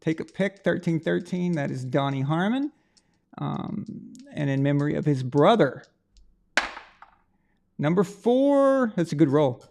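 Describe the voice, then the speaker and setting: A man's voice: on the high side, moderate pace, vocal fry, darkish tone, slight background noise. A man hosting a live stream, chatting casually and rambling to his viewers while he runs a prize draw.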